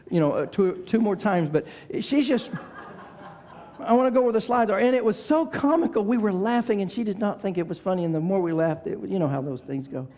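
An older man preaching a sermon, swinging between loud, shouted exhortation and quiet, chatty family stories. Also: high-pitched. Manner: preaching that swells to shouting, then drops into soft storytelling. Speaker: pastor. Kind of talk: sermon with storytelling.

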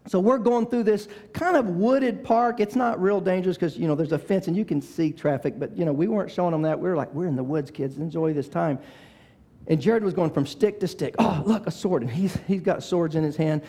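An older man with a high voice delivers a sermon. He climbs into shouted, fervent appeals, then eases down into soft, conversational stories about his family. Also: a little fast, hardly any pauses. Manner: preaching that swells to shouting, then drops into soft storytelling. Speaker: pastor. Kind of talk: sermon with storytelling.

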